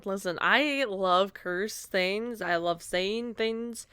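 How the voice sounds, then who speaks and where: A woman's voice: mid-range voice, takes it slowly, bright, forceful tone, smooth, no room sound. A woman co-hosting a podcast, trading casual jokes with friends. Her voice sits in the middle of the range and she keeps breaking into giggles. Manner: playful, giggly banter. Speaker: podcast co-host. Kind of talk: casual chat.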